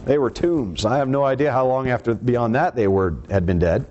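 A man's voice: mid-range voice, fairly quick, a little mellow, dull audio, slight background noise. A man preaching a teaching sermon in a conversational way, acting out the quoted lines in voices of their own.

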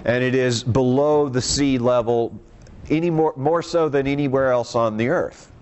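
A man's voice: medium pitch, normal speed, a little mellow. A man preaching a sermon, reading scripture aloud and explaining it in a conversational way. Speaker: pastor.

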